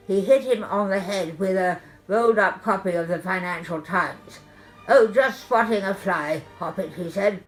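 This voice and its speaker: A woman reading aloud from her own memoir in the first person, telling it in a brisk, deadpan comic way. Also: medium pitch, poor audio.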